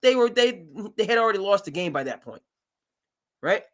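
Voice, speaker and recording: A man's voice: high-pitched, normal speed. A man hosting a live sports talk show, chatting casually and rambling with lots of fillers. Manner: rambling, filler-heavy, animated.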